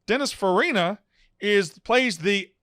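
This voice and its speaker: A blunt, animated man co-hosting a film review chat, arguing his points with energy. His voice is fairly high and smooth, recorded dry and close with little room sound. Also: dry recording. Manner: blunt, animated, quick to argue. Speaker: podcast co-host. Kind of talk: casual movie review chat.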